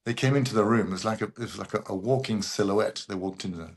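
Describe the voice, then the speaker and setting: A man telling lively stories. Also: lowish voice, fast talker. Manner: animated raconteur who acts out other people. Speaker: guest voice actor. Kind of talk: anecdotal interview storytelling.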